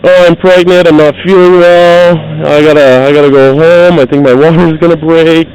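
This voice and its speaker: A man's voice: a little high, fairly even intonation, normal speed, a little mellow, slight background noise, voice pushed up, lightly acted, low-quality recording. A man voicing an indignant woman shoplifter who claims she is pregnant, in a raised, whiny voice.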